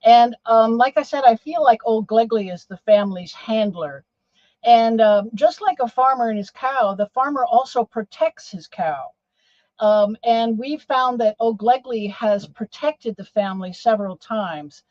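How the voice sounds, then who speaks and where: A woman's voice: a little high, measured pace, no room sound. An older woman as a podcast guest, explaining with hesitations and many fillers. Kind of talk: casual interview talk. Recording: dull lo-fi sound, dry.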